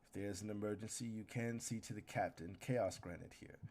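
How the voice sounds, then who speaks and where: A man's voice: fairly low pitch, brisk, noisy background, lightly acted. Man as stern female archmage, clipped, formal, tabletop game.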